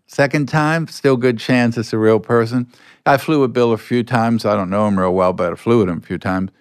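An older man, a guest being interviewed, telling anecdotes in a relaxed way and acting out bits of dialogue. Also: lowish voice, moderate pace, smooth, no room sound, clean studio sound. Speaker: guest, former con artist. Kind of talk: storytelling interview answers.

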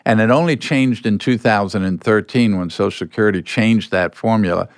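Older man telling stories, low clear voice. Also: brisk, no echo, clean studio sound. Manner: relaxed, anecdotal, acts out dialogue. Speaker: guest, former con artist. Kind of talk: storytelling interview answers.

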